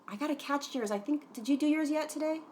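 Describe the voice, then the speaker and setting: A woman's voice: high voice, fast talker, a little mellow. A woman hosting a casual livestream, chatting in a rambling way with many fillers, greeting viewers by name and swearing now and then. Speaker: livestream host.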